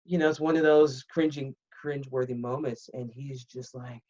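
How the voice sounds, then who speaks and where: A retired military pilot, a woman in her fifties, shares a casual interview story on a podcast with rumbling low tones at a moderate pace. She is frank and blunt, animatedly performing the dialogue. The recording comes across slightly muffled and dull.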